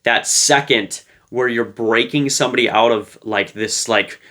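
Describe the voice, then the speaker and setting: A man's voice: medium pitch, unhurried, pushed and bright. A man giving casual relationship advice to camera, talking in a loose, playful way with lots of fillers. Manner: loose and conversational, full of fillers; playful, light-hearted.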